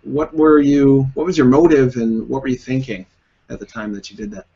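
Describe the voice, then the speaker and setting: A man's voice: mid-range voice, fairly even intonation, moderate pace, mellow, husky, lo-fi sound. A man hosting an interview, asking curious, playful questions in a casual chat. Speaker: podcast host.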